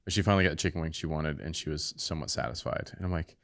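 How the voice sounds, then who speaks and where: A man in his thirties, a podcast host, telling a story in casual chat and acting out the quotes with sudden high-pitched outbursts. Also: rapid-fire, creaky, fairly bright tone.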